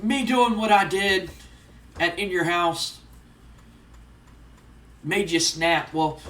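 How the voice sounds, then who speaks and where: A man's voice: high voice, slow pace, fairly bright tone, distant mic. A man voicing an arrogant male pro wrestler who cuts a contemptuous, insulting promo. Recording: roomy, off-mic.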